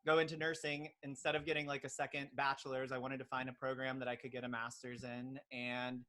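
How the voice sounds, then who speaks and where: Bright-voiced earnest young man. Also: medium pitch, level tone, brisk. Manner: earnest, filler-heavy storytelling. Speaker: podcast guest, pediatric nurse. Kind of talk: casual interview chat.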